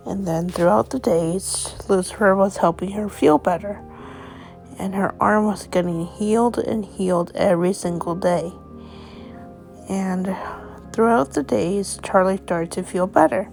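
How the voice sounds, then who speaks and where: A woman's voice: medium pitch, a little slow, gravelly, darkish tone, faint music behind. A woman casually narrating an improvised story in a rambling, home-made way.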